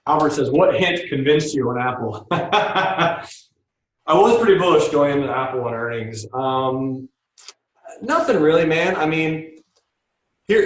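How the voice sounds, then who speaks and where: A man's voice: mid-range voice, roomy sound, distant mic, a little hiss or hum, poor audio. A man hosting a stock trading show, chatting casually and joking as he answers viewer questions. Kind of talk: casual livestream market commentary.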